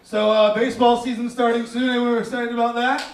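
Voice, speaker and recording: A man doing a crude, animated stand-up comedy set, often slipping into mocking voices. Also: very high voice, a little fast, background noise. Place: small theater stage. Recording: roomy, distant mic, loud crowd laughter.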